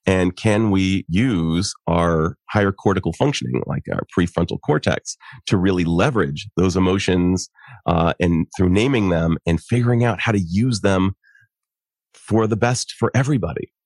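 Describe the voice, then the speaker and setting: A middle-aged man, a psychologist and coach, explaining things in an animated way and laughing often during a conversation. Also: low voice, moderate pace, no room sound, studio quality. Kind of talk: conversational podcast interview.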